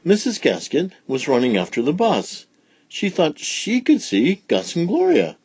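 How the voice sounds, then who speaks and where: A man reading a children's story aloud in a playful, expressive way. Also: a little high, unhurried, breathy edge, dry recording.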